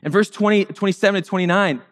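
A man delivers a sermon in a casual, wry tone, with a voice pitched high for a man. He slips into playful voices to act out the people in the story. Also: fast talker. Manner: conversational, wry, acts out the characters in playful higher voices. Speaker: pastor.

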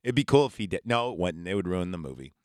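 Male podcast host, jokey and profane, lowish, dry close recording. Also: very animated, fast, a little mellow, dry recording. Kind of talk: casual movie recap.

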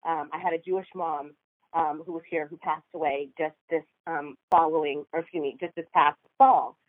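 A woman's voice: low-pitched, fairly even intonation, moderate pace, dry recording. Chatty woman on a phone line. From Seattle, USA. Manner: chatty, many ums and self-corrections. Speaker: guest, TV producer. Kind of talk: podcast interview.

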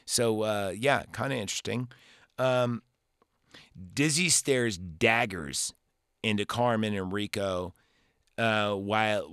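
A man's voice: lowish voice, vocal fry, a bit bright, dry recording, clean studio sound. A man in his forties hosting a podcast, giving a casual, rambling movie recap with lots of swearing and filler words. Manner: rambling and profane, full of fillers. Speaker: podcast host.

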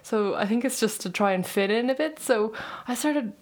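A woman musician, a guest, telling a casual anecdote as a lively storyteller who keeps breaking into laughter. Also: on the high side, moderate pace.

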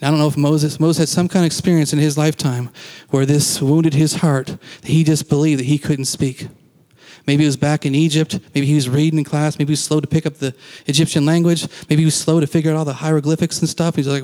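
A man's voice: a little high, fairly even intonation, fairly quick, dark tone. Man preaching in a reverberant hall. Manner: conversational, acts out quoted lines, laughs now and then. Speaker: pastor. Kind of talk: casual sermon.

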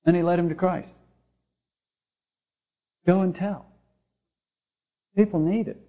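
A man's voice: high voice, steady tone, slow pace. A man preaching a sermon, telling stories in a conversational way and acting out the people in them. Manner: storytelling, conversational with quoted voices. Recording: dull lo-fi sound.

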